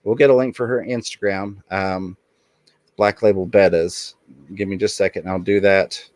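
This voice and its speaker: A man's voice: deep voice, steady tone, normal speed, darkish tone, dry recording. Man hosting a livestream, dry sound. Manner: upbeat, reads chat aloud and thanks viewers. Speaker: livestream host. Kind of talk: casual livestream chat.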